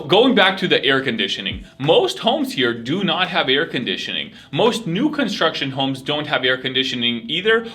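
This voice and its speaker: A man hosting a vlog, talking casually to the camera in a chatty, animated way and laughing at his own stories. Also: fairly high pitch. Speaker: vlog host. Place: home region.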